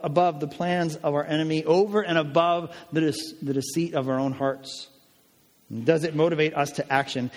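A man preaching a sermon in a lively, emphatic way, acting out the quotes he tells and joking with his listeners. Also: fairly high pitch, long reverb tail. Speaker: pastor.

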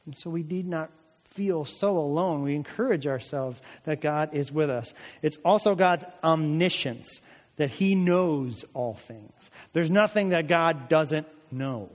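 A man's voice: fairly high pitch, lively intonation, unhurried. A male pastor preaching a sermon, rising into emphatic calls during prayer passages. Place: church sanctuary. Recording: long church hall reverb.

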